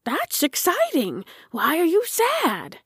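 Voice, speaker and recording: A woman voicing a gentle, sweet old male tractor who talks in a soft, plaintive, childlike way. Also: very high-pitched, wildly swooping pitch, slow, no room sound, clean studio sound, pitched above the performer's own voice, exaggerated voice. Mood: worried.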